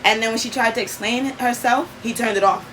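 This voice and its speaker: A woman's voice: on the high side, fairly quick, a bit bright, low-quality recording. Young woman vlogging, earnest and emphatic, lots of "like" and "you know", faint hiss behind. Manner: earnest, emphatic, frequent fillers. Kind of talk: casual personal storytelling.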